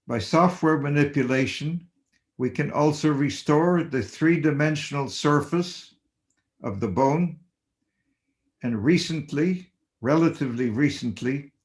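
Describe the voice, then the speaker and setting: An older man, a surgeon, giving a measured, deliberate webinar lecture and stressing basic principles. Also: medium pitch. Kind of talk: slow academic lecture. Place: home or office on webinar.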